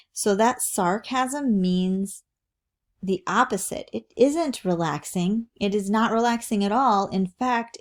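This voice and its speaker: A woman's voice: medium pitch, a little mellow. A middle-aged woman teacher giving a recorded lesson, explaining patiently and often checking in with "right?".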